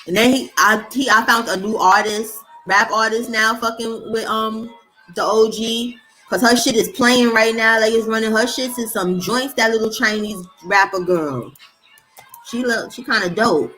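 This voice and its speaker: A woman's voice: on the high side, moderate pace, bright, forceful tone, faint music behind, low-quality recording. A woman hosting a livestream, chatting loosely with viewers in slangy, profane talk. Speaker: livestream host. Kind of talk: casual livestream chat.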